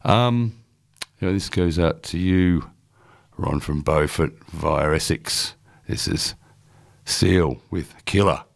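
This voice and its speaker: A man's voice: deep voice, slow pace, creaky. A man working as a radio DJ, presenting casually in a chatty, rambling way with lots of fillers.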